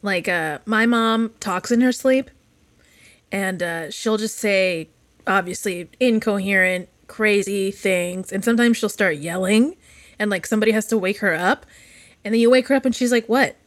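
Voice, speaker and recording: A woman co-hosting a casual chat, playful and animated as she tells stories. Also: medium pitch, normal speed.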